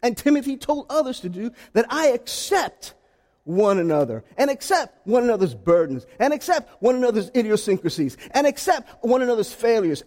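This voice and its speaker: Male pastor, sermon delivery, soft asides building to shouts, echoing church hall. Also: very high voice, sing-song, moderate pace. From South Carolina. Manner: swings from hushed to shouting.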